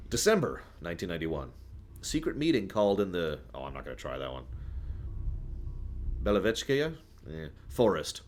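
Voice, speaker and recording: A man's voice: on the low side, fairly bright tone. A man streaming, reading game lore aloud and chatting with viewers in between. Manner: chatty, reads aloud and greets chat.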